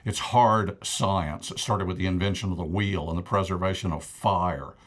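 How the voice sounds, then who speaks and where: A man's voice: deep voice, fairly even intonation, normal speed. A man co-hosting a TV talk show, explaining his ideas emphatically with joking asides. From United States. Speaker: co-host and author. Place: local TV studio.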